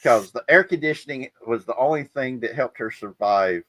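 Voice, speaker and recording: Male host, casual and profane, laughs through his stories, dry close sound, mid pitch. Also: expressive, moderate pace, a bit bright, dry recording, low-quality recording. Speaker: podcast host. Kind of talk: casual chat.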